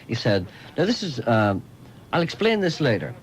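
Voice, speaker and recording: A man's voice: medium pitch, big pitch swings, moderate pace, poor audio. A Northern Irish man hosting a radio interview, playful and fond of mimicking stagey voices. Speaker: radio host.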